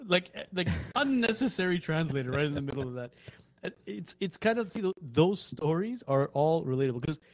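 Speaking a little fast in a voice on the high side, this male podcast host chats casually with no echo on the recording. His storytelling is animated, and he performs the quoted lines himself.

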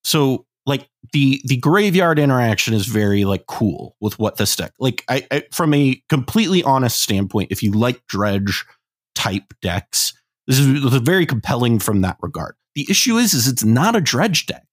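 A man's voice: medium pitch, very animated, moderate pace, no echo, clean studio sound. A man co-hosting a casual podcast, talking thoughtfully with hedges and restarts. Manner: thoughtful, hedging, frequent fillers and restarts. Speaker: podcast co-host.

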